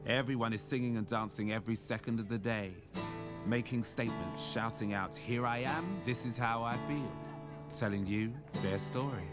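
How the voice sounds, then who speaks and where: An actor playing a playful, theatrical teacher, coaching a class in a teasing, animated way. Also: male voice, medium pitch, normal speed, close to an everyday voice. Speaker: drama and dance teacher. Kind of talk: film drama. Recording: echoey hall with loud music.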